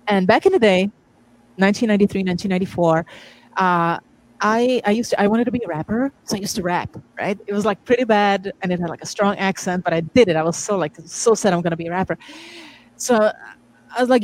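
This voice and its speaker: A woman's voice: mid-range voice, quick pace, low-quality recording. A woman guest DJ telling stories in a casual interview, acting out quoted dialogue with lots of restarts. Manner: animated, acts out quoted dialogue, frequent restarts and laughs. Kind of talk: casual anecdotal storytelling.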